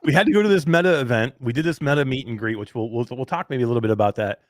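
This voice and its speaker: A man's voice: medium pitch, racing, crowd noise. A man hosting a live weekly talk show, teasing his co-host and laughing often.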